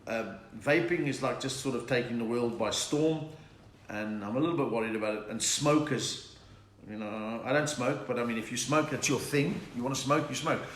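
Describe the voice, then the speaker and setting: A South African man, a comedian, hosting a live online chat, telling quick-fire jokes and laughing at his own lines. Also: medium pitch, roomy sound. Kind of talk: live stand-up joke session. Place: room at home.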